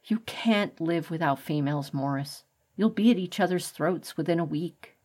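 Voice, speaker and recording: A woman's voice: lowish voice, moderate pace, darkish tone, lightly acted. A woman voicing an adult male rat, a protective father who lectures the others sternly. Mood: weary.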